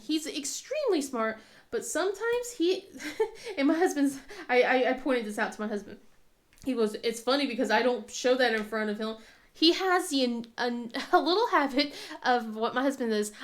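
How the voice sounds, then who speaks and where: Woman in her thirties, casual craft vlogger, a touch high-pitched, chatty storyteller. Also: animated, normal speed. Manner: chatty, storytelling with many fillers and laughs. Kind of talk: casual chat while crafting.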